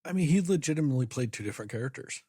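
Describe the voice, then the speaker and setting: Husky, animated man in a dry room. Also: mid-range voice, rapid-fire, no echo. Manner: emphatic and profane, acts out reactions. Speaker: podcast co-host. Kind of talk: casual movie review chat.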